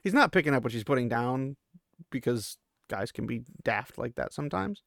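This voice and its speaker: Chatty man with a gravelly voice. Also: medium pitch, animated, moderate pace, fairly bright tone, no room sound, clean studio sound. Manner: chatty, loose, full of "like" asides. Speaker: podcast host. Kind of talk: casual book chapter recap.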